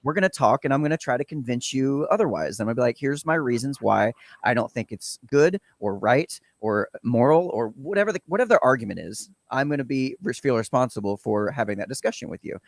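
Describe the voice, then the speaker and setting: Brief: male host, American with a slight Southern accent, earnest, fry in the voice, dry sound. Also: mid-range voice, expressive, fairly quick, hardly any pauses, no room sound. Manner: earnest, restarts mid-sentence. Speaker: show host and producer. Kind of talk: casual discussion.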